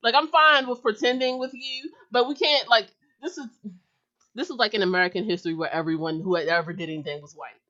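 A woman's voice: mid-range voice, quick pace, bright, forceful tone. Woman, casual podcast chat, giggly, filler-heavy, slightly muffled sound. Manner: chatty, giggly, lots of "like" fillers. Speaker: podcast co-host.

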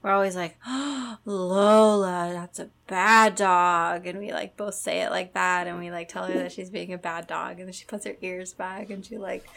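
A woman's voice: fairly low pitch, level tone, brisk, vocal fry, hardly any pauses, fairly bright tone. A young woman chatting casually with friends in an easygoing, matter-of-fact way. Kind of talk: casual chat among friends.

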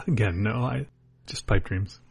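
A man hosting a podcast, chatting casually about movies with relaxed, stammering restarts. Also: fairly low pitch, takes it slowly, vocal fry, slightly rough. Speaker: podcast host. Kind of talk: casual chat.

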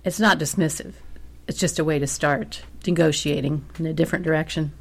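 A woman co-hosting a podcast, speaking in a measured, wry way. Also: deep voice, steady tone, gravelly. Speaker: podcast co-host. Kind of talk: casual chat.

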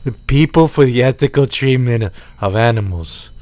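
A man co-hosting a casual chat, hesitant and halting, correcting himself often. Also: mid-range voice, darkish tone, dry recording.

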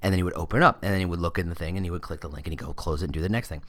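A man's voice: sits low, rapid-fire. A man hosting a podcast in a casual, digressive monologue, telling stories with playful mock voices and frequent self-corrections. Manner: animated, lively storytelling with playful mock voices. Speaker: podcast host.

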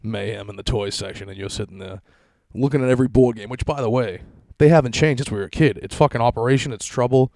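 A man's voice: mid-range voice, fast, creaky, hardly any pauses, darkish tone, dry recording. A man in his thirties hosting a solo podcast from his basement, rambling through stories in a profane, self-mocking way. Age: 30s. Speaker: podcast host. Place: basement at home.

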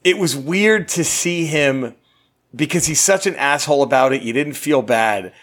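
A man co-hosting a podcast in casual chat, excitable and animated, swearing freely as he talks. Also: fairly high pitch, normal speed. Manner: excitable, profane, animated storytelling.

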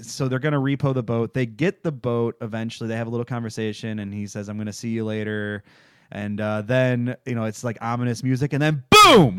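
A man's voice: medium pitch, fairly bright tone, clear, resonant tone, dry recording, studio quality. A man co-hosting a podcast, chatting casually about a TV episode with enthusiasm, swearing and laughing often. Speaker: podcast host. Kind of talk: casual TV recap chat.

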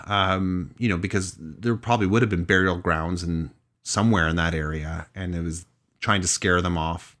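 A man's voice: deep voice, fairly bright tone. A man hosting a podcast, telling a story in casual chat and hedging thoughtfully, with frequent restarts. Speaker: podcast host.

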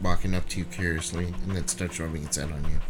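A man narrating a tabletop horror game as game master, calm and matter-of-fact. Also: low-pitched, quick pace.

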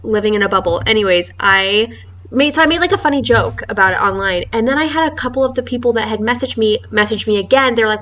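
A woman co-hosting a podcast in casual chat, telling rambling, animated stories with frequent laughs. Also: a little high, fast, distant mic. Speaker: podcast co-host.

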